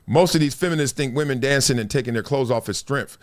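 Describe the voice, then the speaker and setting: A man's voice: medium pitch, fast talker. A middle-aged man hosting a live stream, reading out news and breaking into slangy, laughing asides. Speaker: host.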